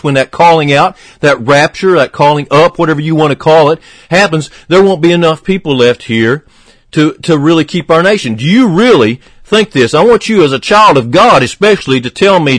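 Man preaching, fervent and emphatic, slightly high voice, dry sound. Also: no room sound. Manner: fervent, emphatic, swings from loud to hushed. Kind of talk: radio sermon.

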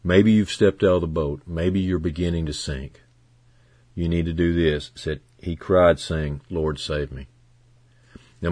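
A male pastor delivers a sermon in a lowish voice, earnest and heartfelt. He drops to near-quiet, then builds to loud, emphatic declarations. The sound is dry and close, with no room echo. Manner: earnest preaching that swings from hushed to loud and emphatic.

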